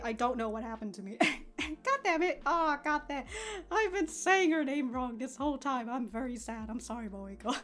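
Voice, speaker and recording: A woman with a high voice gives casual, excitable commentary on an anime episode, swearing and laughing freely.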